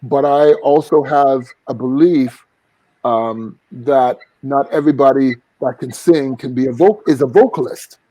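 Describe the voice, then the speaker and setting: A man's voice: mid-range voice, measured pace, warm tone, dry recording, rough recording. A man, a singer and vocal coach, talking earnestly as a guest in an interview. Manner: earnest, reflective, sings short vocal examples. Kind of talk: casual interview talk.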